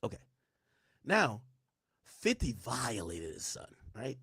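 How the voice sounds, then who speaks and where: A man hosting a livestream, talking casually to chat in slangy speech, hoarse and losing his voice. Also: medium pitch, wildly swooping pitch, takes it slowly, sharp tone, dry recording, clean studio sound. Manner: slangy, loose, switches to whispering. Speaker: livestream host.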